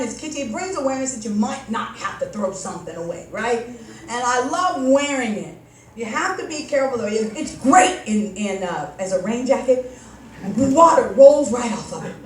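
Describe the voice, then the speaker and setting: High-voiced woman doing stand-up. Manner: rambling, self-mocking storytelling with acted dialogue. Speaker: stand-up comic. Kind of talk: stand-up comedy set. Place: comedy club stage before a live audience. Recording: echoey room, mic some distance off, audience noise.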